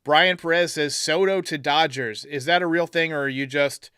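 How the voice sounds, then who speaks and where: Chatty live-stream host with a higher voice. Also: male voice, moderate pace, sharp tone, clear, resonant tone, dry recording, clean studio sound. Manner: chatty, thinks aloud, reads viewer comments. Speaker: podcast host reading live chat. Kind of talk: casual live-stream talk.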